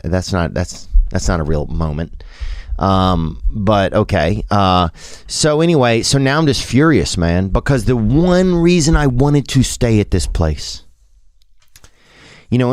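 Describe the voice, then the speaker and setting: A man's voice: deep voice, lively intonation, measured pace, darkish tone, dry recording, clean studio sound. A man in his thirties with a Southern American accent, telling a rambling, self-deprecating story in a casual monologue.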